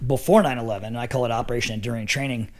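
A man's voice: mid-range voice, fairly even intonation, rapid-fire. A middle-aged man telling stories as a podcast guest, laughing often and swearing freely. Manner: profane, laughing storyteller. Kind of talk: casual storytelling.

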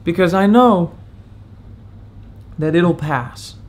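A man's voice: sits high, takes it slowly. A young man in his twenties opening up in a confessional vlog, candid and reflective, talking as if close to tears. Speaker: vlogger.

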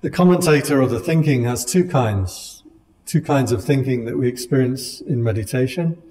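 A man leads a meditation class in a calm, conversational dharma talk. His voice is mellow and soft-edged, with a gently humorous manner. The sound carries a long, lingering hall reverb. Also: mid-range voice, normal speed. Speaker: meditation teacher.

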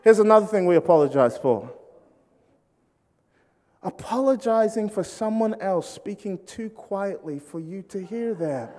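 A British man from Britain, speaking British English, delivers a humorous sermon full of funny stories, acting out the people in them and joking with the congregation. He's animated, and his voice sits high at a measured pace. A long hall reverb hangs on the recording.

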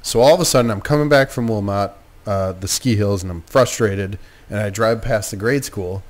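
Animated man telling a story. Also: fairly low pitch, moderate pace. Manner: animated, acts out quoted voices. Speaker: guest filmmaker. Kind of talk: casual storytelling.

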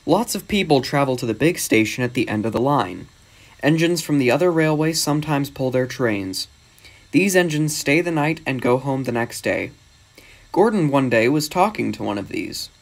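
A man narrates a children's storybook in a steady, measured way. His voice sits at an ordinary middle pitch for a man. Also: vocal fry.

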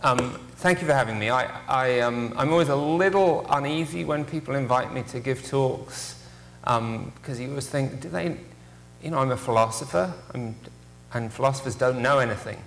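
A man's voice: mid-range voice, gravelly, a bit bright, a little hiss or hum. Guest lecturer, male, nervous and self-mocking, lots of ums. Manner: self-deprecating, halting with many fillers. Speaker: guest speaker. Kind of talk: public lecture. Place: theater stage.

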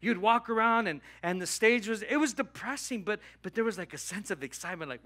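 Animated, bright-voiced man preaching. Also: high voice, brisk, few pauses. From Southern California. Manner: animated, acts out dialogue with God. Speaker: pastor. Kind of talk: sermon storytelling. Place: church hall.

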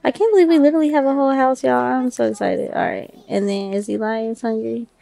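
Woman, sassy let's play commentary, fairly high voice, gravelly edge. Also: steady tone, fast, warm tone. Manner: sassy, talks back to the game characters; swears casually, informal slang. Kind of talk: casual gameplay commentary.

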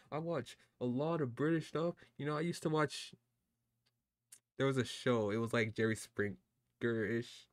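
A young man hosting a reaction video in a casual, animated way, with frequent outbursts and a lot of "dude". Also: lowish voice, no room sound, clean studio sound. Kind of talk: excited casual reaction commentary.

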